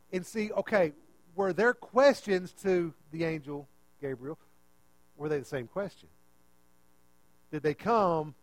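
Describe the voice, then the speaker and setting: A man preaching a conversational, animated sermon, full of rhetorical questions. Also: sits high, dry recording, low-quality recording.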